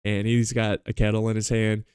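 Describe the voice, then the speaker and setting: A man voicing a grumpy male postal clerk who gives a hurried, low-key warning to his boss. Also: monotone, darkish tone, smooth, no echo, studio quality, lightly acted.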